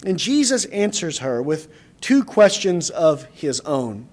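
A man's voice: on the high side, very animated, takes it slowly, a little mellow. A man preaching a sermon in an earnest, explaining manner, often repeating words as he builds a point.

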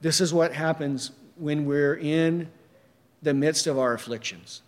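A man's voice: a little high, measured pace, big-room sound. A man preaching a sermon emphatically, reading verses and firing rhetorical questions.

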